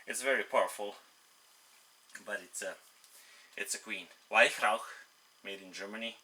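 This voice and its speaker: A man's voice: lowish voice, unhurried, bright, forceful tone. A man testing an air rifle, reading out velocity numbers in short bursts and chatting casually between shots. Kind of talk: casual commentary while test shooting. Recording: roomy echo with clear background noise.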